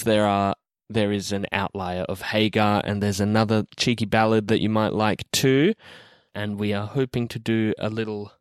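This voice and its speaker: A man with an Australian accent, a band member talking in a relaxed, rambling way about his song. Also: fairly low pitch, clear, resonant tone, dry recording, studio quality. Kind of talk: recorded message about a song.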